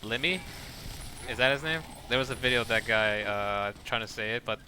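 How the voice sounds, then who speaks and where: A man chatting casually while playing a game, rambling and saying he talks too fast. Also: medium pitch, pushed and bright, a little hiss or hum. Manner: rambling, self-describes talking too fast. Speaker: gaming streamer. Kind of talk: casual gameplay commentary.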